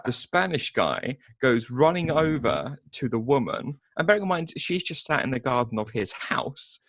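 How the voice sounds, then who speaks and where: A man's voice: mid-range voice, sing-song, moderate pace, gravelly, a bit bright, no room sound, clean studio sound. A man co-hosting a casual film review chat, hesitant with many ums and restarts, and sarcastic. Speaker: podcast co-host.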